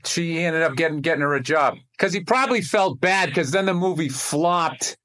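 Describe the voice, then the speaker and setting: A comedian in casual chat on a video call, talking reflectively and haltingly. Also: male voice, a little high, sharp tone. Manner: reflective, halting, lots of fillers.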